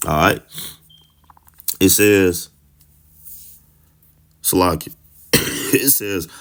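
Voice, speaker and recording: A man's voice: on the low side, gravelly. A man giving informal Bible teaching, blunt and heated, stammering through restarts and tagging nearly every phrase with 'man'. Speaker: scripture teacher.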